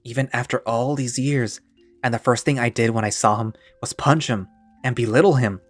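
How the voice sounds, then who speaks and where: A man's voice: mid-range voice, moderate pace, dry recording, faint music behind, close to an everyday voice. A man voicing a guilt-ridden young man who speaks hesitantly and blames himself, in a one-man audio drama. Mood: guilty. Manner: hesitant, self-reproaching.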